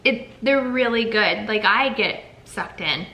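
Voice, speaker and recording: A woman's voice: medium pitch, lively intonation, a little slow, bright, forceful tone, poor audio. A young woman co-hosting a casual chat, talkative and upbeat. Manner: chatty and upbeat. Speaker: co-host.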